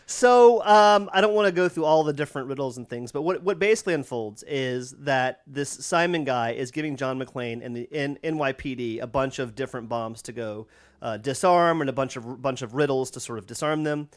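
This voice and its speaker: A man's voice: mid-range voice, a little fast. A man co-hosting a podcast, casually recapping a movie plot with laughs and the odd swear word. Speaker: podcast co-host. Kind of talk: casual chat recapping a film.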